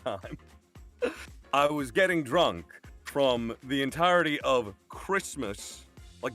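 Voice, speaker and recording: Swearing Birmingham man telling a story. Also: mid-range voice. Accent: Birmingham English. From England. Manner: swears a lot, animated, acts out the people in his story. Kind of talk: animated storytelling on a live stream. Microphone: video call or streaming mic.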